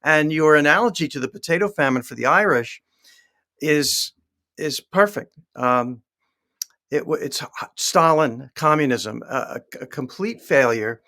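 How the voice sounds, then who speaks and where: A man appearing as a historian guest on a podcast, explaining in a measured way with fillers. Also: fairly high pitch, pushed and bright. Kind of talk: explanatory interview talk.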